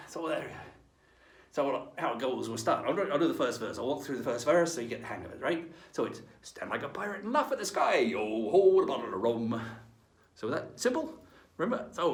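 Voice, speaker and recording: Lively gravelly man storytelling. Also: mid-range voice. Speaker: children's pirate-themed presenter. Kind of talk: storytelling lesson for kids in pirate character. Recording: roomy echo.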